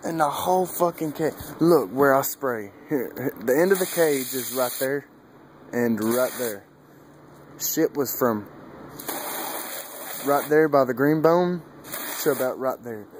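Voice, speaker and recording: A young man vlogging outdoors with a handheld camera, rambling and cursing, laughing often and getting animated as he retells a story. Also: mid-range voice, slow pace, pauses often. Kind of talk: casual rambling vlog. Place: outdoors by a dog cage. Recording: noisy outdoor ambience.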